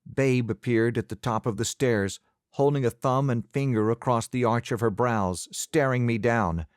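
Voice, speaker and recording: A man narrating an audiobook in the first person, measured and expressive. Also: mid-range voice, smooth, no room sound, studio quality.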